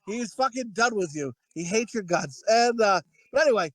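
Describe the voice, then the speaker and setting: A man's voice: high voice, animated, normal speed, no echo. A man co-hosting a podcast, telling rambling, profane stories in casual chat, full of fillers and restarts. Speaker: podcast co-host.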